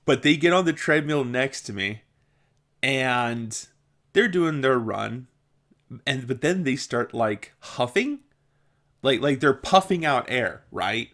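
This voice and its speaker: A man's voice: mid-range voice, lively intonation, slow, a bit bright. Chatty young man telling gym stories. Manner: chatty, laughs a lot, swears casually. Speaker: vlogger. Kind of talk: casual storytelling monologue.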